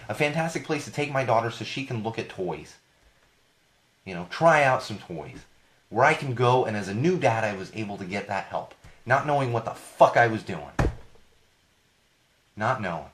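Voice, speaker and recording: A man in his thirties with a hoarse voice from a cold, hosting a podcast in a casual rambling monologue that repeats phrases for emphasis. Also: mid-range voice, fairly bright tone, slight background noise. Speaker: podcast host.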